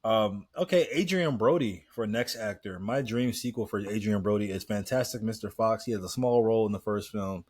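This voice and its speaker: A man co-hosting a podcast in casual chat, relaxed, leading the questions and laughing easily. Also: on the low side, fairly quick, hardly any pauses, husky, no room sound, studio quality. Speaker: podcast co-host.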